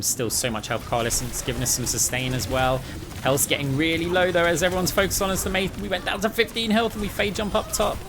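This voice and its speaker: A man from the UK, a gaming YouTuber, giving quick, excited play-by-play of his own match with asides to viewers. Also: medium pitch, noisy background. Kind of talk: gameplay commentary. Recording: clear game music underneath.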